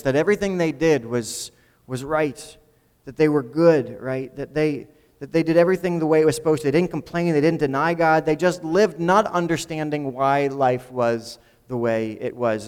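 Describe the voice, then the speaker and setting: A man's voice: on the high side, a little mellow, clear, resonant tone, long reverb tail. A man preaching a sermon in a conversational way, often repeating words as he builds a point. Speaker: pastor.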